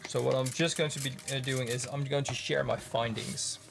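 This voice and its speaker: A man casually commenting in his studio as he looks at his handmade pigments, halting and restarting often. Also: medium pitch, fairly even intonation, vocal fry, music in the background. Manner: rambling, halting, many restarts. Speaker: pigment maker filming his studio work. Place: home studio.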